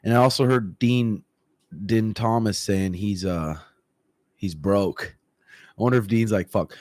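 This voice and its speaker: Low-voiced man chatting casually, dry sound. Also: unhurried, no echo. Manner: relaxed, profane, frequent throat clearing. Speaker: MMA coach. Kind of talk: casual livestream chat answering viewer comments. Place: room at home.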